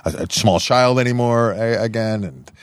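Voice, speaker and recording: A man in his thirties co-hosting a podcast in casual banter, an animated storyteller who jumps into high squeals for quoted voices. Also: normal speed, smooth, no room sound. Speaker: podcast co-host.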